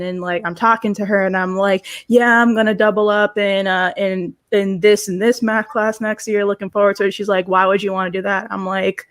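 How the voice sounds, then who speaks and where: Animated young woman telling stories. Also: mid-range voice. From South Florida. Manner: animated storyteller, acts out quoted exchanges. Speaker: panelist. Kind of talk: casual discussion.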